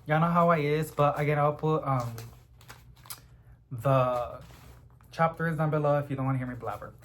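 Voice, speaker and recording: A young man chatting casually at home about plants he is unboxing, rambling and getting excited as he goes. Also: on the high side, normal speed. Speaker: plant vlogger.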